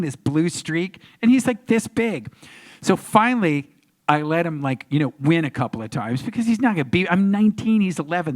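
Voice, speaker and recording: Animated storyteller man in his sixties. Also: on the high side. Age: 60s. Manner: animated, acts out the voices in his stories. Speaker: actor guest on a convention panel. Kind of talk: anecdotal Q&A storytelling. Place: convention panel room.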